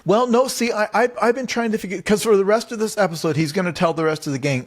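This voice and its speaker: Male podcast co-host, slightly high voice, rambling and exasperated recap banter. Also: fast talker. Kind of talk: comedic recap chat.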